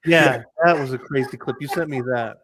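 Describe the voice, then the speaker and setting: A man's voice: mid-range voice, moderate pace, fairly bright tone, no room sound. A man co-hosting a casual podcast, sarcastic and incredulous in his replies. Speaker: podcast co-host. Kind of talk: casual chat.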